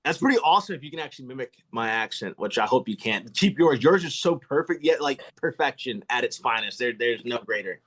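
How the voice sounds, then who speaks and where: Animated, effusive male podcast host. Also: mid-range voice, fairly quick, hardly any pauses. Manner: enthusiastic, effusive, self-deprecating. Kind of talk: casual interview chat.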